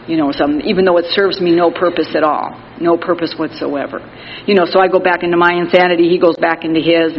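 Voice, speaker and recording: A middle-aged woman speaks frankly at a recovery meeting, peppering her story with "you know" and dry jokes at her own expense. Her voice rings out in a reverberant hall. The recording is a little muffled, with faint hiss underneath. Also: low voice. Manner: candid, plain-spoken, wry self-mocking humor; frequent "you know" fillers. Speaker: Al-Anon speaker. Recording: reverberant hall, slightly dull audio with faint noise.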